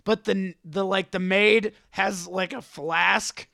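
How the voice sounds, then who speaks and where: A man co-hosting a podcast, dropping deadpan, dark, absurd jokes about a movie. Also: high voice, slow, creaky, no echo, studio quality. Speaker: podcast co-host. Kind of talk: casual movie-riffing chat.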